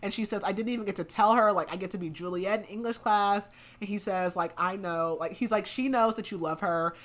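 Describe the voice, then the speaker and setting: A woman's voice: mid-range voice, fairly quick. A woman podcast host casually recapping a book's plot, half-acting the characters' lines and saying "like" a lot. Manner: animated retelling with lots of "like", half-acting the quotes.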